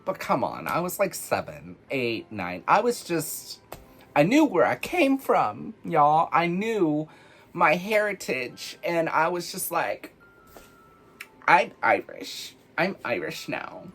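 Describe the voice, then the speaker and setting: A man casually telling personal stories in an animated, chatty way, full of fillers, for his witchcraft vlog. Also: fairly high pitch, slow pace. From United States. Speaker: witchcraft vlogger.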